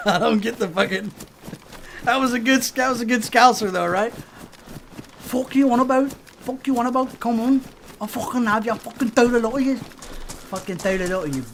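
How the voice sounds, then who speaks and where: A man's voice: high-pitched, gravelly, pushed and bright, a little hiss or hum, exaggerated voice. A man doing a swaggering English brawler. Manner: swearing trash-talk in put-on English accent. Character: swaggering aggressive northern English male brawler.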